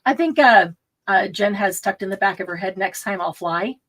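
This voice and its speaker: A woman's voice: mid-range voice, normal speed, fairly bright tone. A middle-aged woman hosts a casual live craft stream, chatting with a guest and viewers. She talks in an easy, rambling way, laughs a lot and now and then loses her thread.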